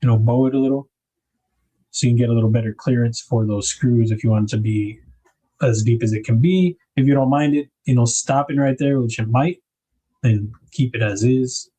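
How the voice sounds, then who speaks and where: A man's voice: medium pitch, moderate pace, warm tone, slightly rough, poor audio. A man hosting a knife livestream, chatting casually and rambling as he unboxes gear. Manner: laid-back, rambling, thinks aloud with fillers.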